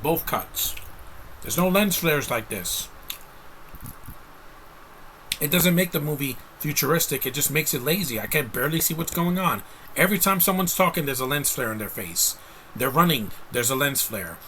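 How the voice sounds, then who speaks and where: A man's voice: medium pitch, animated, normal speed, sharp tone, slight background noise, rough recording. A man giving a casual, rambling movie review rant, blunt and exasperated, with frequent restarts.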